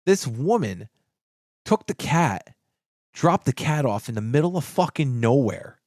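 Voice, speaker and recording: A man speaks at a measured pace as co-host of a podcast, telling a story full of profanity in casual banter. He's animated and acts out quoted lines with big pitch jumps, captured in clean studio sound without echo.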